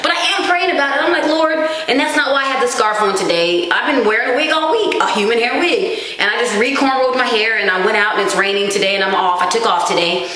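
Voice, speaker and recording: A woman's voice: on the high side, fast, few pauses, slight background noise. Chatty woman in an echoey room. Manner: chatty, animated, self-mocking. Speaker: vlogger. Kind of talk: casual chat to camera. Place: small dim room at home.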